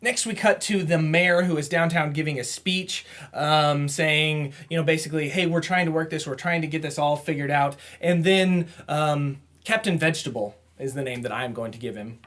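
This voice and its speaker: A man co-hosting a comic book podcast, casually recapping plots and quoting characters in quick put-on voices, laughing often. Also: fairly high pitch, a bit bright. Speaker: podcast co-host. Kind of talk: casual comic review chat.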